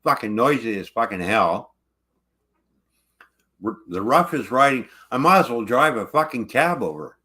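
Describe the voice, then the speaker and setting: A man's voice: mid-range voice, very animated, moderate pace, pauses often, sharp tone. A truck driver ranting angrily about his truck, swearing constantly in casual livestream talk.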